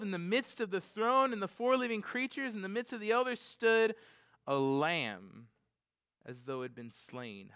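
A man in his thirties preaching a sermon in an animated way, jumping from loud, excited questions to quiet, low scripture reading and laughing often. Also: clear, resonant tone.

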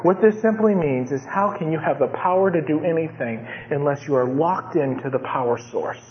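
A man preaching a sermon, animated, acting out his own prayers in a strained high voice. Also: moderate pace, dull audio, a little hiss or hum. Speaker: pastor.

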